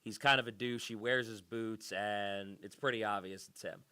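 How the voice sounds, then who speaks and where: A young man hosting a podcast, chatting casually with quick quips. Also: lowish voice, steady tone, pushed and bright, clean tone. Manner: laid-back, quick quips. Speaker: podcast host.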